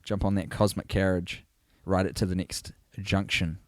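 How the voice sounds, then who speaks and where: A man's voice: low-pitched, level tone, moderate pace, dry recording, studio quality. A man co-hosting a podcast in casual chat, riffing playfully in long rambling runs. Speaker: podcast co-host.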